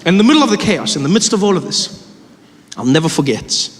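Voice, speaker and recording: A man telling a stand-up story on stage, lively, acting out the people he describes. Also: a little high, quick pace. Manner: animated, acts out every character. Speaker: stand-up comedian. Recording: noisy live show with long reverb.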